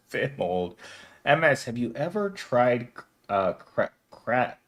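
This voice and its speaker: Speaking slowly with big swings in pitch, this medium-voiced man in his thirties hosts a relaxed home live stream with no camera. He rambles, giggles, and chats back to viewers' comments.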